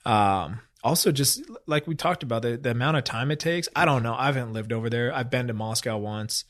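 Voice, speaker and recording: A man, a former athlete, talking as a podcast guest in a measured way with frequent restarts. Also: mid-range voice, a bit bright. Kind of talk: casual chat.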